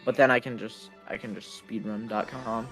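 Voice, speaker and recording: A man's voice: medium pitch, steady tone, moderate pace, a bit bright, soft background music. A man streaming a speedrun, chatting casually and teasing while he plays. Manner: joking, offhand, teasing. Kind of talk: casual chat while gaming.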